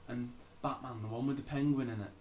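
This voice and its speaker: A man's voice: medium pitch, steady tone, fast, darkish tone, a little hiss or hum. A young man co-hosting a casual podcast chat, stumbling and repeating words as he talks. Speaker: podcast co-host.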